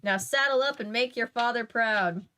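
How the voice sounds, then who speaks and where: Woman voicing a middle-aged dad, calm, fatherly, storybook reading. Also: fairly high pitch, normal speed. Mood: earnest.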